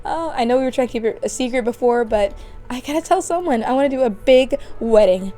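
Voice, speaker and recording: A woman voicing an excited young woman who has just been proposed to, gushing in a rushed, squealing way. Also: a little high, faint music behind, pitched above the performer's own voice, lightly acted. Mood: overjoyed. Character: giddy young woman, newly engaged, gushing.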